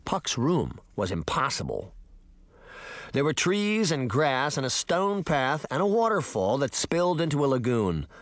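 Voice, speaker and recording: Male narrator, scripted storybook reading, lively pitch, dry close recording. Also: normal speed, hardly any pauses, dry recording. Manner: expressive storytelling, voicing characters. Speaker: audiobook narrator.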